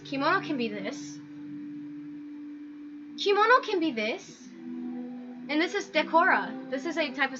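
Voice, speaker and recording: A woman hosting a casual commentary video, talking through pictures in an animated, exasperated rant full of "like". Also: high voice. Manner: animated, exasperated ranting with frequent "like". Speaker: video host. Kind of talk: casual commentary over images. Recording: dull lo-fi sound with background music.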